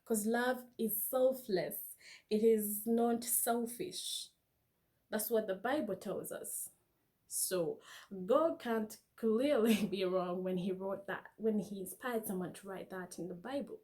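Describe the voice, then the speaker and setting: A woman's voice: mid-range voice, takes it slowly, dark tone. A woman vlogger giving dating advice in a casual monologue to camera, earnest and emphatic, sometimes quoting scripture. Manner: emphatic and earnest, stretching words for stress; preachy, quotes scripture.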